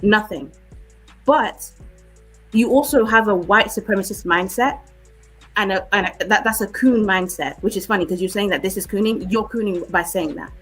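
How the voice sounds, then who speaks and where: A woman with a British accent, arguing forcefully on a live-stream debate and often asking "okay?". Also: medium pitch, moderate pace, faint music behind, poor audio. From United Kingdom.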